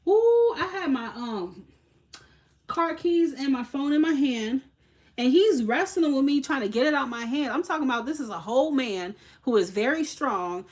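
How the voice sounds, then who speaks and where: Brief: young woman, Haitian background, fairly high voice, animated and profane live-stream storyteller. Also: normal speed. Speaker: tarot reader hosting a live stream.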